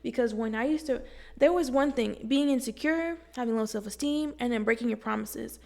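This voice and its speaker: A young woman talks straight to the camera at home, blunt and slangy, swearing freely as she gives self-help advice. Her voice sits a little high and crackles with strong, gravelly fry. She sounds animated and casual, like she is talking to a friend. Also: a little fast. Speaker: vlogger.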